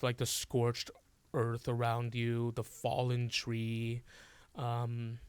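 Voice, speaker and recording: A man acts as game master narrating a tabletop game, halting and full of fillers and restarts. His mid-range voice has a clean tone, and the recording is dry.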